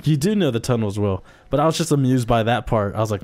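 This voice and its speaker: A man's voice: medium pitch, lively intonation, fast talker, darkish tone, faint music behind. A man chatting casually as co-host, rambling and laughing, with lots of filler words. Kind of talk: casual chat.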